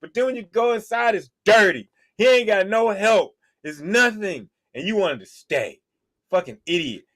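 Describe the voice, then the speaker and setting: A man's voice: sits high, animated, moderate pace, fairly bright tone. A man hosting a sports podcast, ranting casually in a heated, profane way. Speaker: podcast host. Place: podcast studio.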